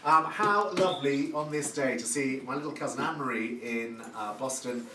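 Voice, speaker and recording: A man speaks at a medium pitch and moderate pace while hosting a live cooking demonstration in his home kitchen. He's chatty and effusive and full of praise words. The room echoes, the mic is distant, and there's background noise.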